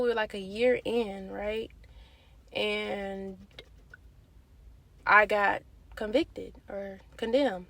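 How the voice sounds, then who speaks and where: A young woman vlogger telling a personal faith testimony in a candid, animated, slangy way. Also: a little high, no room sound. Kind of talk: casual testimony.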